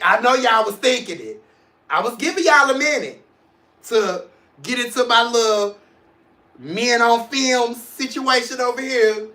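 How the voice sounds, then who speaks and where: Sassy man in his forties, bright voice. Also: extremely high pitch, reverberant. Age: 40s. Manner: sassy, playful and outspoken. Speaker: podcast host. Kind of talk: casual video podcast monologue.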